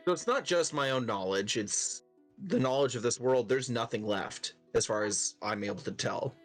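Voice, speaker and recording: A man's voice: mid-range voice, animated, normal speed, soft background music. A man playing a tabletop game, rambling and correcting himself as he talks casually.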